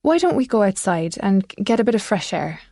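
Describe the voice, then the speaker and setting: A woman's voice: mid-range voice, big pitch swings, a little fast, warm tone, no room sound, studio quality. Woman reading as an anxious daughter coaxing. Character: worried young woman coaxing her father.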